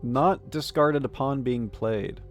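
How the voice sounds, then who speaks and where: A man's voice: mid-range voice, slow pace, soft background music. A man streaming live, chatting casually and joking as he reads game text and chat messages aloud.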